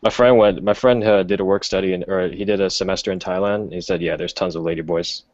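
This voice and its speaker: A man in a casual group talk show, making quick, blunt remarks. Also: low-pitched, steady tone, a little mellow, no echo, highs cut off.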